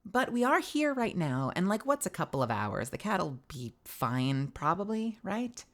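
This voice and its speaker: A woman's voice: on the low side, big pitch swings, a little slow. A woman streaming a game playthrough, playful and joking, swearing casually as she plays. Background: game music.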